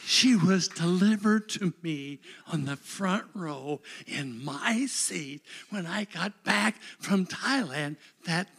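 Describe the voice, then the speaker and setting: Husky high-voiced dramatic preacher man. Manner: dramatic, swinging from shouts to whispers. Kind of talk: sermon.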